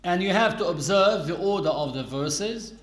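A man's voice: high voice, expressive, moderate pace, roomy sound. A man giving a patient religious lesson on reciting prayers, explaining carefully and quoting Arabic phrases. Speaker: religious teacher.

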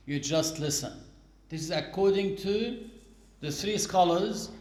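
A man teaches a religious lesson with a patient, explanatory manner, going back over key points. His voice sits high and his pace is unhurried. The sound rings in an echoey room. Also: darkish tone. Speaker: Islamic teacher.

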